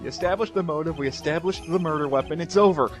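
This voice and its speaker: A man's voice: on the high side, fast, faint music behind. A man commentating casually on a game with friends, prone to exasperated outbursts. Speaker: let's play commentator.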